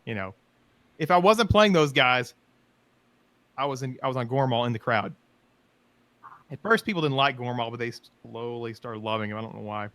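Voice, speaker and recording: A man hosting a podcast, telling animated stories in casual chat and acting out quotes. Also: medium pitch, normal speed, long pauses, no room sound. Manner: animated, laughing, acts out quotes. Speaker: podcast host.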